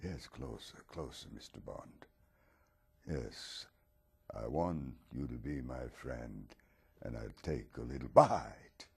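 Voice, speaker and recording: A man voicing Dracula as a mild, wistful aging vampire talk-show host, speaking slowly and haltingly. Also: extremely low pitch, lively intonation, a little mellow, exaggerated voice. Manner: slow, halting, gravelly and husky.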